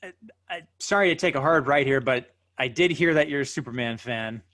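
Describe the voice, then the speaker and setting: A man co-hosting a podcast asks the guest questions in an eager, chatty way. His voice is mid-pitched and the recording is close and dry, with no room around it. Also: fairly quick, fairly bright tone, no room sound. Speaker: podcast co-host. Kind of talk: casual interview questions.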